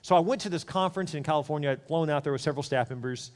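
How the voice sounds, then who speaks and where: A male pastor tells a story from the pulpit at a rapid clip, his voice sitting a little high for a man. He talks candidly and chattily, throwing quick asides to the congregation. The sound rings out with the long reverb of a church hall. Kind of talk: storytelling sermon.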